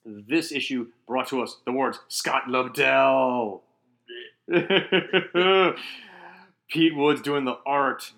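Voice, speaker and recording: A man co-hosting a casual comic book podcast, animated, laughing often and acting out quotes. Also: mid-range voice, takes it slowly. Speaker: podcast co-host.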